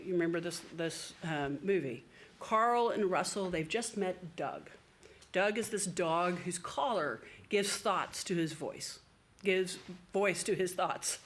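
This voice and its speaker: A woman's voice: medium pitch, a bit bright, a little hiss or hum. A woman priest giving a sermon in a conversational way, with the odd filler word. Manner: conversational preaching with occasional fillers.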